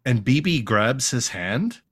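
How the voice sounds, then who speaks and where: A man's voice: mid-range voice, slow, breathy edge. A man co-hosting a podcast, casually recapping a cartoon episode with jokes and silly put-on voices. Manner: animated, jokey, acts out lines in silly voices. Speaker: podcast co-host.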